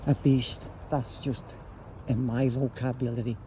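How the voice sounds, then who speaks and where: A man's voice: medium pitch, little pitch movement, a little slow, mellow. A man rambling bluntly in slangy casual talk, vlogging while out on a walk. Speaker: YouTuber. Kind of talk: casual vlog rant while walking. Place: outdoors on a street. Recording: street noise with traffic.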